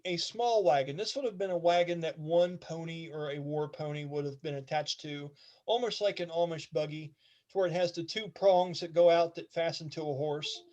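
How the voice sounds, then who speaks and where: A man with a fairly high voice runs a tabletop game, narrating scenes in a loose, rambling way. He talks casually and lets an occasional swear slip in. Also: a little mellow, muffled recording. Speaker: game master.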